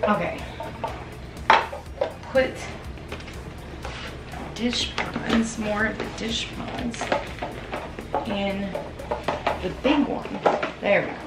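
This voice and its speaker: Picked up from far off in an echoey room with music playing, a woman talks to herself while cleaning her kitchen on camera, rambling chattily and laughing at her own comments. Her mid-range voice draws out words and leaves long pauses.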